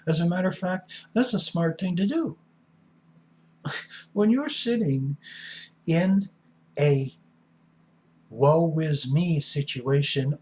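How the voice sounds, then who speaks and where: A middle-aged addiction counselor gives a blunt, folksy recovery talk, preachy and suddenly punching certain words with loud emphasis. His voice is fairly high, with slight background noise.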